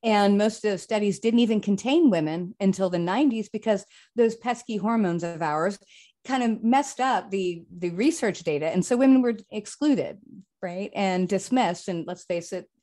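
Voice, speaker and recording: A woman hosts a conversational podcast in an ordinary mid-range voice. She speaks frankly and tells animated personal stories. Her delivery is casual and unscripted. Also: mid-range voice, normal speed. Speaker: podcast host.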